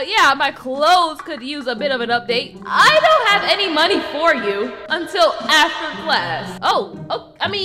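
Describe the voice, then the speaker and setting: A woman narrating a game role-play as the main character, chatty and dramatic. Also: high voice. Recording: voice over background music.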